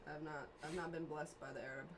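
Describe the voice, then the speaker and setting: A woman's voice: deep voice, fairly even intonation, fast, noisy background. A woman talking casually on a podcast, rambling and self-deprecating, often breaking into laughter as a tarot reader. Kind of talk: casual chat. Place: lives in a trailer park.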